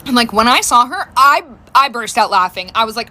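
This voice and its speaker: A woman, a mother, telling a funny storytime monologue, animated and laughing as she talks. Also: a little high, quick pace, few pauses, a little hiss or hum.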